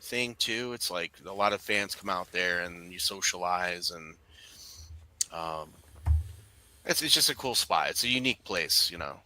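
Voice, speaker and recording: A man's voice: low voice, expressive, measured pace, sharp tone, a little hiss or hum, rough recording. A man co-hosting a casual online watch-along, talking in a loose, rambling, tipsy way. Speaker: co-host. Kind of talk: casual chat.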